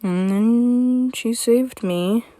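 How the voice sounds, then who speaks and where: A woman voicing a young male stranger with a fox tail, grumpy and stammering, in a slow read-aloud story. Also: fairly high pitch, mellow, dry recording, pitched above the performer's own voice. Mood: eager. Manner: stammering, sighing.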